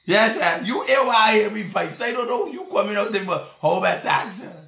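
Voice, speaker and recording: A man with a Guyanese Creole accent gives casual political commentary, joking as he talks straight to his listener. His bright voice swings widely up and down. The sound rings in an echoey room. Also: high voice, animated, brisk, gravelly. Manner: joking, laughing, rambling, addresses listener directly.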